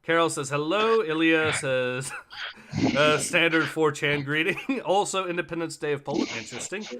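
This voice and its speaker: A man's voice: a little high, normal speed, bright, forceful tone, slight background noise. A man hosting a casual livestream, chatty with many fillers and restarts. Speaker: livestream host.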